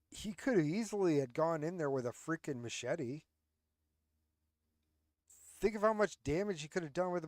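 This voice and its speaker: A man's voice: a little high, no room sound. A man hosting his own commentary show from home, ranting bluntly and sarcastically with plenty of swearing, recorded close on a headset. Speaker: host. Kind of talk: casual commentary.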